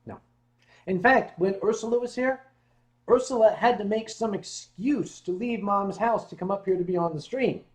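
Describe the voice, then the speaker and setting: A man's voice: high-pitched, moderate pace. A man hosting a casual livestream, playful and teasing as he chats with his guest and reads viewer comments aloud. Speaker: stream host.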